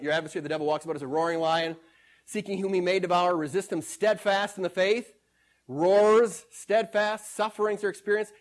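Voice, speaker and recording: A male preacher delivering a sermon, repeating scripture phrases with emphasis and swinging between hushed and loud passages. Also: high-pitched.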